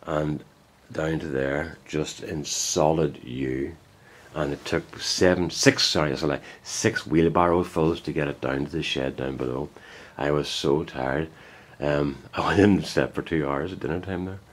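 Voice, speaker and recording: A deep-voiced man talks casually in his woodworking shed. He rambles in a folksy, easygoing way and often corrects himself mid-sentence. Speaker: woodturner. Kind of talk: casual workshop vlog.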